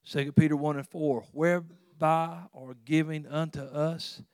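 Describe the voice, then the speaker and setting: Male preacher, easygoing conversational sermon, swells and softens, dry close mic. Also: fairly high pitch, steady tone, a little slow, smooth, no room sound. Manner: folksy, conversational preaching with chuckles; swells louder for emphasis, drops soft for tender points.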